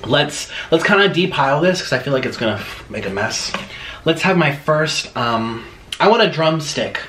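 Animated, playful man in a roomy space. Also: a little high, normal speed, slight background noise. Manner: playful, sing-song, theatrical. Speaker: mukbang host. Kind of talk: casual eating vlog chat.

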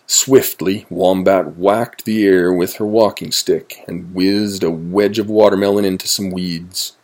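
A man reading a children's story aloud in a gentle, playful, unhurried way. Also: low voice, steady tone.

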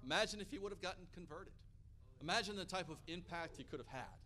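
A man from Hawaii delivers a sermon full of personal stories, animated and energetic. His voice sits high for a man, with a bright, forceful edge. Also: fast talker. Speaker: pastor.

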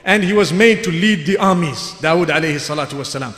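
A man's voice: fairly high pitch, fast talker, fairly bright tone. A man giving a sermon, telling a story in a vivid, emphatic way and repeating key phrases for weight. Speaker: Islamic preacher. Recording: echoey hall with long reverb.

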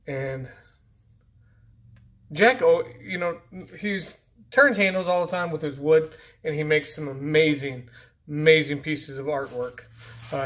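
A man hosting a casual mail-call vlog, rambling and easygoing as he opens packages, often trailing off into low mutters. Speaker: YouTube channel host. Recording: faint background noise.

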